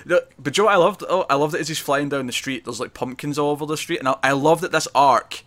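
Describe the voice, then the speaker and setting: A man's voice: on the high side, fast, a bit bright. A man co-hosting a casual comic book podcast, enthusiastic and acting out characters' lines. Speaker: podcast co-host.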